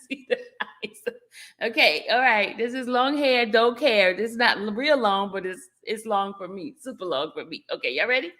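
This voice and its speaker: A woman's voice: fairly high pitch, animated, unhurried, bright, forceful tone. A woman hosting a casual livestream, greeting her viewers one by one and laughing as she teases them. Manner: playful, greeting viewers by name; laughs often while teasing the audience. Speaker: livestream host.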